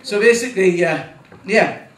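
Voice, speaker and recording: A first-time stand-up comic in his 40s, nervous and rambling, swears and chuckles at his own jokes for a live audience in a small venue. His voice sits high with a fairly bright tone at a moderate pace. The recording is distant, echoey and carries faint ambience.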